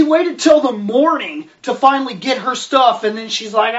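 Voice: medium pitch, moderate pace, few pauses, fairly bright tone. A reviewer ranting about a film and book in an exasperated, sarcastic way, swearing heavily. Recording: distant, dull lo-fi recording.

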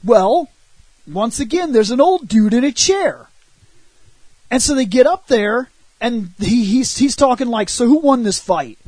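A man on a podcast, casually and animatedly recounting a movie's plot and arguing for it, with a husky voice and loose swearing. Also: very high voice, measured pace, dry recording, poor audio. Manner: animated retelling with frequent swearing. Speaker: podcast co-host reviewing a film. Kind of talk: casual film discussion.

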